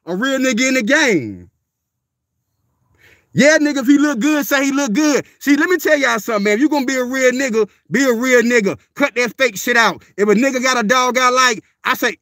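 A man, speaking very high for a man, rants on a livestream. He is blunt and profane, hammering the same lines over and over. The sound is dry and close, with no room echo. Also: lively intonation, a little fast, a bit bright. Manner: profane, confrontational, repeats himself. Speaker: dog breeder and livestreamer. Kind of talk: livestream rant.

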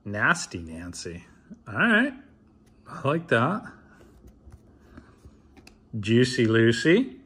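A man's voice: mid-range voice, wildly swooping pitch, very slow, long pauses, fairly bright tone, husky. A man in his thirties opening trading card packs in a casual vlog, reading names aloud with wry, mumbled asides. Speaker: card opener.

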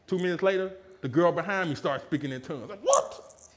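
A man preaching a lively sermon, telling a personal story and acting out quotes with laughter. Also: fairly high pitch, fast talker, a little hiss or hum. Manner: animated, laughing, acts out quotes in a raised voice.

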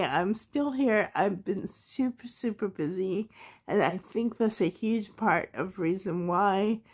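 Woman vlogger, hoarse with a cold, slow and soft-spoken, laughs a lot. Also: mid-range voice. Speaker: reborn doll hobby vlogger. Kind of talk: casual vlog chat to viewers.

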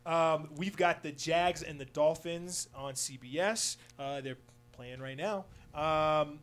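A man's voice: a little high, slow, a bit bright, faint music behind. A man hosting a casual radio sports show, upbeat and loose, with lots of fillers. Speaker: sports talk show host.

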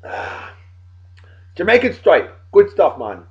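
A man's voice: high-pitched, animated, moderate pace. A man hosting a casual beer review vlog in brash, jokey, hyped patter, speaking with a Texan accent at his home desk by the computer. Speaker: beer show host. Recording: dull lo-fi webcam audio.

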